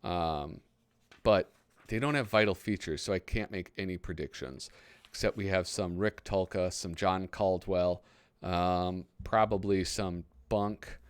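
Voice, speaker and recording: A man's voice: low-pitched, measured pace, clear, resonant tone, no room sound. A man in his thirties hosting a casual, rambling commentary while flipping through a magazine. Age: 30s. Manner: chatty, rambling, easily excited. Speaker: host.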